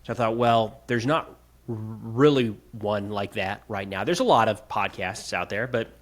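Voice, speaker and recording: A man's voice: on the low side, normal speed. A young man co-hosting a podcast, explaining his thinking in a thoughtful, casual way. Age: young adult. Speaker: podcast co-host.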